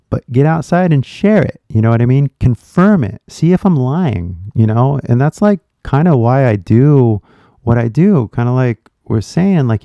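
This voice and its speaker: A man's voice: medium pitch, no room sound, highs cut off. A man with a Californian American accent, hosting his channel as an English teacher and rambling in casual chat straight to viewers. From California, USA. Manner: rambling, animated, talks directly to viewers.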